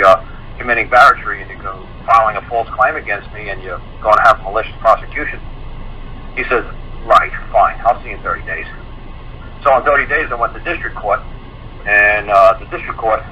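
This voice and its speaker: A man casually telling a long personal story in a folksy way, laughing now and then and acting out both sides of conversations. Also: on the low side. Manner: folksy, laughing, quotes people in dialogue. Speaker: guest speaker telling a story. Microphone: phone or internet call. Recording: muffled call-in audio with faint hiss.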